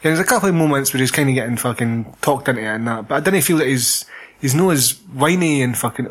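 A Scottish man in casual chat, blunt and sweary, mocking a film with quick laughs. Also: mid-range voice, slightly rough.

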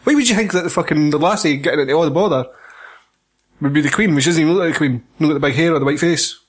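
A man's voice: fairly high pitch, very fast. A man with a Scottish accent, co-hosting a film podcast, ranting in sweary casual banter. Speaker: podcast co-host.

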